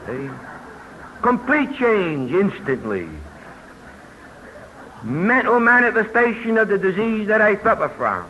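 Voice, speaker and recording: A man's voice: high-pitched, very animated, takes it slowly, long pauses. Older New man telling his story. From New York. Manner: plainspoken storytelling, folksy asides. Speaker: recovery convention speaker. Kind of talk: personal testimony talk. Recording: muffled old tape with hiss.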